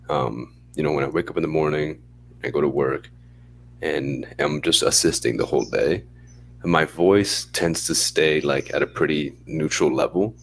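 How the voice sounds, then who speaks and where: A man co-hosting a podcast, talking in a laid-back, chatty way and now and then acting out a bright phone voice. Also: sits low. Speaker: podcast co-host. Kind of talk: casual chat.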